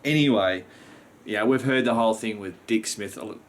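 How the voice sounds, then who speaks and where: An Australian man vlogs to camera, having just woken up, rambling casually and swearing mildly now and then. His voice is fairly low and moves at a normal speed.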